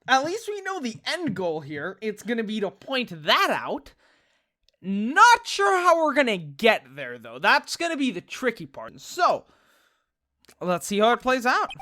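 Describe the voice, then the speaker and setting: A woman with a fairly high voice plays a detective game as a let's play gamer, giving casual, excitable commentary. She swears freely and reasons out loud.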